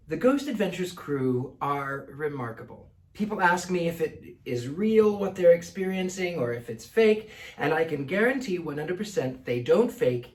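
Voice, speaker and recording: A man's voice: on the high side, echoey room, far from the mic. Theatrical man with a Mid-Atlantic accent. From United States. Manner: theatrical, precise diction. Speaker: psychic answering viewer questions. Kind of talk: casual Q&A monologue.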